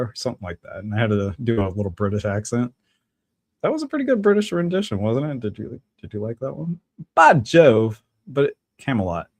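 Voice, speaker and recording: A man's voice: lowish voice, a little mellow, dry recording. A man hosting a live stream, chatting casually in a rambling, ad-libbed, jokey way.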